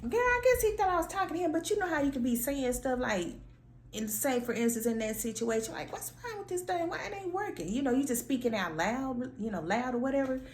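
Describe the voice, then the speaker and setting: A woman vlogger telling a story in a sassy, animated, slangy way, acting out her own lines. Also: high voice, brisk, reverberant, a little hiss or hum. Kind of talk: casual storytelling rant.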